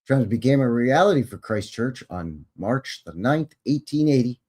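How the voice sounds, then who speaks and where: A man's voice: mid-range voice, lively intonation, moderate pace, a little mellow, slightly rough. A man hosting a live show. He reads history aloud and breaks off for sarcastic, chatty ad-libs, often correcting himself. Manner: wry, sarcastic ad-libs between read passages. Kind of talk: reading history aloud with casual asides.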